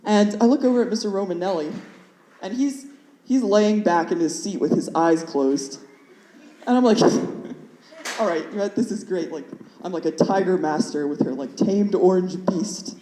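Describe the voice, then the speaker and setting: A woman's voice: on the low side, unhurried, dark tone, reverberant, a little hiss or hum, rough recording. A young woman in her twenties performing a stand-up comedy set in a nervous, rambling way, full of "like" fillers. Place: comedy club stage.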